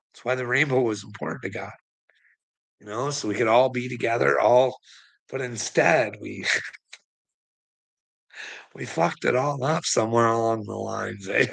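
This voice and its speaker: A man's voice: mid-range voice, vocal fry, pushed and bright. A man ranting profanely at someone, mocking and angry, with laughs between lines. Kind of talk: ranting livestream talk.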